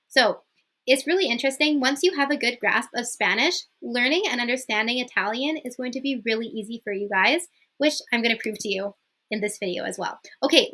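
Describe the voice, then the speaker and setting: A young woman with a bright, crisp voice gives an upbeat online language lesson. She talks in a chatty, friendly way, sits a little higher than most women in pitch, and apologizes now and then for mixing up her accents. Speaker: Spanish teacher.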